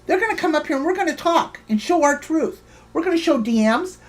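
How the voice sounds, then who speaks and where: A woman's voice: high-pitched, expressive, a little fast. A woman hosting a livestream, ranting heatedly and swearing while greeting viewers in her chat by name. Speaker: livestream host.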